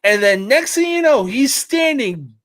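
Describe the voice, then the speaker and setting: A man co-hosting a casual podcast with a high, very lively voice that swoops up and down. He speaks at an unhurried pace, swearing as he spins animated stories. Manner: profane, animated storyteller. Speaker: podcast co-host. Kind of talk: casual chat.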